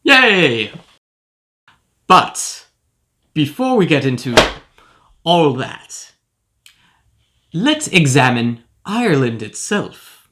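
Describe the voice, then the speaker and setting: A man's voice: fairly high pitch, sing-song, slow, pauses often, fairly bright tone, full character voice. A man playing a pompous, self-important professor who hosts a comedic cereal review. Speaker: host. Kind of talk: comedic character monologue.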